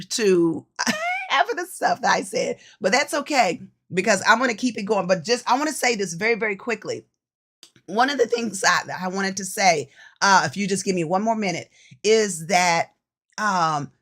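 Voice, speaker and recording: A woman coach giving a casual devotional teaching, chatty and lively, often repeating phrases for emphasis and speaking straight to her listeners. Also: mid-range voice. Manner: chatty, addresses listeners directly. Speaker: women's ministry coach.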